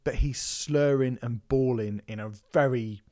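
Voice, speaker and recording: A man's voice: medium pitch, measured pace, dark tone. A man raves about a hardcore album on a music podcast. He swears freely and doubles back on his sentences. His voice sits in an ordinary mid register. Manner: enthusiastic, sweary, trailing restarts. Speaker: podcast co-host reviewing an album. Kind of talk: casual music review chat.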